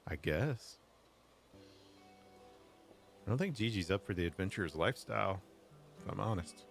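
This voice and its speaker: Low-voiced man with chatty gaming asides. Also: animated, moderate pace, vocal fry. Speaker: streamer. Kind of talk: casual gameplay commentary. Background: game music.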